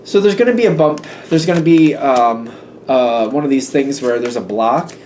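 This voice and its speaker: A man talks through a tarot reading in a loose, rambling way, slipping into little quoted exchanges as he thinks aloud. His voice sits at an ordinary middle pitch. A faint background noise sits under the recording. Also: expressive, moderate pace, a little mellow. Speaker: tarot reader.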